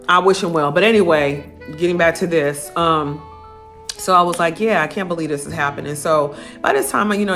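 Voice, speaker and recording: An adult woman, telling a personal story to camera in a candid, profane, lively way. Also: deep voice. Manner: candid, profane, animated retelling. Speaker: vlogger.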